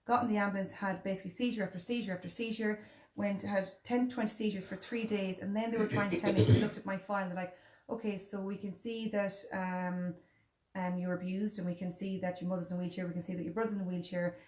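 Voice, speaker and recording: An Irish woman in her thirties tells a personal story in a casual chat. She acts out other people's words as she goes. Her voice sits at a middle pitch and carries a roomy echo. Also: steady tone, quick pace, a little mellow. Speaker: host.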